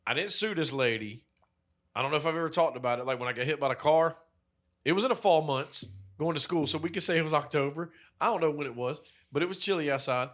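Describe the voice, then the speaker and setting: Man, podcast co-host, casual profane storytelling, higher voice. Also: quick pace. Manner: animated, profane storytelling with acted-out quotes.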